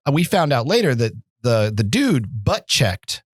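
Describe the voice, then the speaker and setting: A man in casual podcast chat, rambling through a story with constant fillers. His voice sits at an ordinary middle pitch. The mic is close and the room is dead dry. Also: sing-song, a little slow, dry recording. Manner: rambling anecdote full of "like" and "um". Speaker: podcast co-host.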